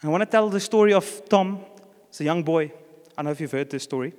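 Speaking slightly high and at a quick pace, this South African pastor has a darkish tone as he tells a story within his sermon. He voices the characters' lines himself, and the church hall adds plenty of echo.

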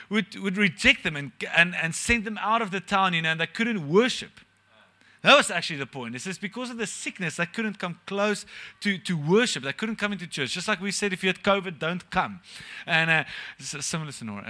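Young guy preaching in church, kinda high voice, chatty, cracks jokes, asks the crowd stuff. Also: pushed and bright. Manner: chatty, joking, asks the congregation questions. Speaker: pastor. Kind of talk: casual preaching sermon. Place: church service.

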